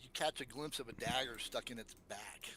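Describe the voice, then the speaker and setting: A man narrating as game master in a tabletop game, casual and halting, with many fillers. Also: medium pitch, background noise.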